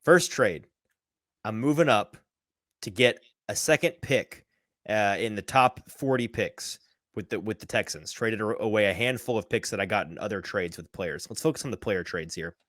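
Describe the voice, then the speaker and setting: A man hosting a sports podcast, talking casually in an animated, sarcastic way, firing off ideas with quick restarts. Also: lowish voice, no room sound, clean studio sound. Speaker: podcast host.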